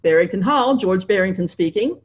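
A woman reading aloud and voicing a breezy, unflappable upper-class gentleman. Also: medium pitch, expressive, moderate pace, lightly acted. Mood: smooth. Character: unflappable posh English gentleman, man.

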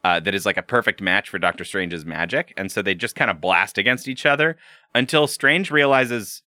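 A man's voice: fairly low pitch, normal speed, sharp tone, dry recording. A man co-hosting a podcast in loose casual chat, laughing often and swearing freely. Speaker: podcast co-host.

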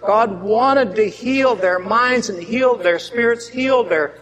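Brief: male preacher, sermon delivery, high voice, loud readings dropping to hushed asides, long hall reverb. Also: takes it slowly, crowd noise. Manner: swings between loud emphatic reading and quiet asides.

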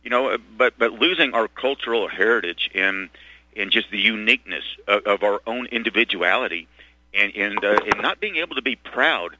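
A middle-aged man hosting a talk radio show, talking in a halting, rambling way full of restarts and fillers. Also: lowish voice, bright, forceful tone, slight background noise, low-quality recording. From Texas. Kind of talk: rambling monologue.

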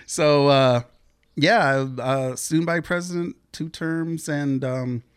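Male guest, slightly high voice, dry close sound, chatty storyteller. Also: slow, clean tone, no room sound. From Pacific Northwest, US. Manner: rambling, lots of fillers, animated when quoting others. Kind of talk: casual storytelling interview.

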